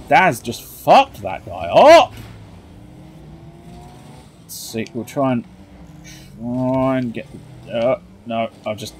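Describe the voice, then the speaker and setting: Excitable man commentating his game. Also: mid-range voice, husky. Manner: excitable, cheering on teammates with shouts and silly jokes. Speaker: gaming commentator. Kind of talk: playing and commentating a car football game.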